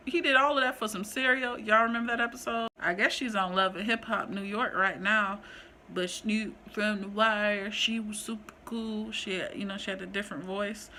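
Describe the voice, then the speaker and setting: A woman vlogger chatting casually and rambling through a ranked list, animated and full of slang. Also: fairly high pitch. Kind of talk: casual chat, ranking list.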